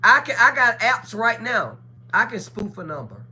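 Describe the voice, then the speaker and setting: A woman's voice: fairly high pitch, very animated, normal speed, bright, forceful tone, slight background noise. A woman chatting casually on a livestream, telling blunt, profane stories and acting out the voices of people she quotes. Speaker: livestream co-host. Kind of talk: casual chat.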